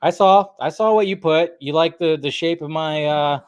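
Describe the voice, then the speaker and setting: A man's voice: on the high side, moderate pace, clear, resonant tone, dry recording. A young man hosting a casual live stream, chatting and greeting viewers by name, with a slight throaty cough. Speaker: livestream host. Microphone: desk microphone.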